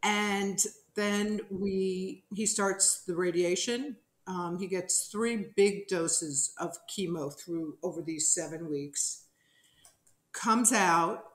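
A middle-aged woman from New Jersey, a podcast guest telling a story in a lively, animated way and acting out the people in it. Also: fairly low pitch, slow. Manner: animated storyteller who acts out quotes. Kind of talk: casual storytelling interview. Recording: roomy echo.

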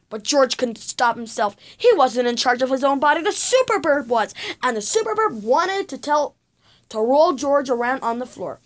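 A woman's voice: sits high, sing-song, moderate pace. A woman reading a children's chapter book aloud, telling it with drama and sound effects.

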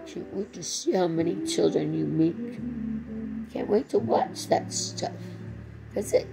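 A woman's voice: mid-range voice, vocal fry, low-quality recording. A middle-aged woman in a rambling personal monologue, profane and swinging between tender and angry.

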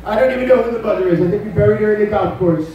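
A man's voice: sits high, racing, very echoey, distant mic, dull audio, lightly acted. A man doing a live stand-up impression of a brash, boastful older male politician, rambling and tacking "okay?" onto his lines. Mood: boasting. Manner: rambling, bragging, repeats "okay?".

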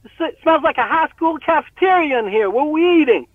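A man doing a quick impression of a big, tall rapper with a rugged voice, lifting his own voice higher. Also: animated, dry recording. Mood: casual. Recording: tinny dry phone-like line.

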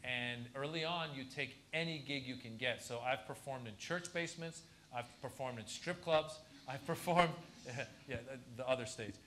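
Male comedian telling a story at a talk, animated, does the other people's voices, mid pitch. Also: normal speed, slight background noise. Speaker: comedian guest at a university lecture. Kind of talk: storytelling anecdote in a Q&A.

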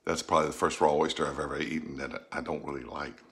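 In a rumbling low voice with fairly even intonation, a middle-aged Southern-accented man from the Gulf South talks at a quick pace. He's a home cooking vlogger sampling his food on camera, folksy and chatty as he thinks aloud about each taste.

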